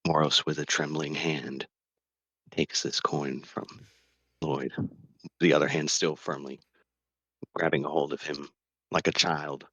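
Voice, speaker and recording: A man narrating his own character's actions during a tabletop game, in an emotional, hushed way. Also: rumbling low, little pitch movement, measured pace, pauses often, no room sound, dull audio. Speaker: player.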